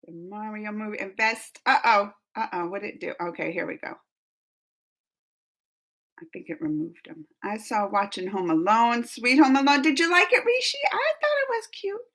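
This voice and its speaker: A young woman hosting a live stream, chatting casually with viewers, reading comments and laughing often as she gushes with excitement. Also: medium pitch, moderate pace.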